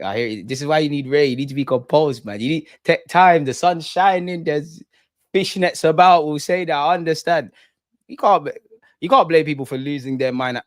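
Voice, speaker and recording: A man's voice: on the high side, no room sound, studio quality. A young man with a London accent, casually chatting on a livestream, slangy and laughing as he reads viewer comments. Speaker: livestream host. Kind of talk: casual live chat reading viewer comments.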